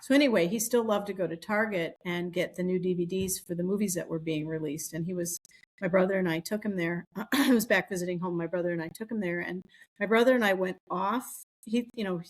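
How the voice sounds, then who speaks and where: A middle-aged woman with a slightly low voice talks through a long anecdote in casual podcast chat. She jumps into the voices of the people she quotes. Her speech runs loose, with restarts and asides. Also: a little fast. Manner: chatty storytelling, acts out quoted voices. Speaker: podcast co-host.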